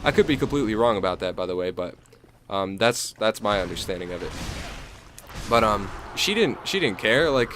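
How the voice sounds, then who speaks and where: A young man from the United States talks over his game in a loose, rambling way, piling up fillers and restarts. His voice sits at an ordinary middle pitch. It sounds like casual gameplay commentary. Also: bright, forceful tone, a little hiss or hum. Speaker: gaming YouTuber.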